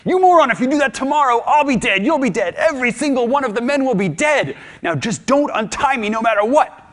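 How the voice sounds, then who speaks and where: A man's voice: medium pitch, animated, moderate pace, close to an everyday voice. A man voicing a bold, reckless ancient Greek sea captain in theatrical quotes during a talk. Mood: furious, shouting. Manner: theatrical storytelling quotes, commanding. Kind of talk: acted quotes within a public talk.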